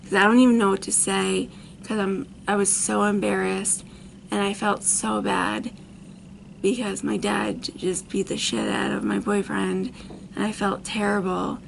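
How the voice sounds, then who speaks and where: This is a woman in her thirties vlogging a personal story, rambling and leaning on fillers as she goes. Her medium-pitched voice is creaky and flat, her delivery unhurried, and a little hiss or hum can be heard.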